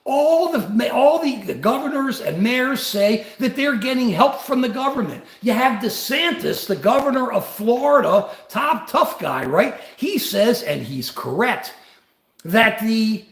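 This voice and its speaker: A man's voice: very high voice, big pitch swings, unhurried, a bit bright, reverberant. An older man and grandfather, host of a livestream, giving rambling, combative political commentary.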